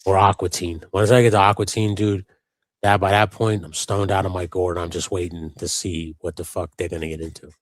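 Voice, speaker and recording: A man's voice: deep voice, flat delivery, fairly quick, no room sound. A man co-hosting a live stream, chatting casually and loosely, swearing often and wandering between topics. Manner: loose and rambling, swears a lot. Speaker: co-host of a live customizing stream. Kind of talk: casual chat.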